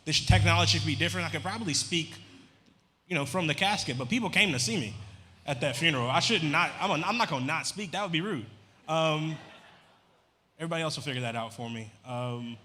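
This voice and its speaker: Male stand-up comic, rambling deadpan delivery, live club room with long reverb. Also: fairly high pitch, fast, a little hiss or hum. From Louisiana. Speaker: stand-up comedian. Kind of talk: stand-up comedy set. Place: comedy club stage. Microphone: handheld stage mic.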